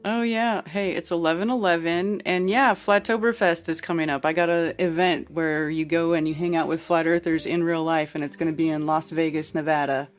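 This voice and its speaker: A woman's voice: sits low, fairly even intonation, fairly quick, few pauses, faint music behind. Easygoing woman hosting a call-in show. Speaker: host.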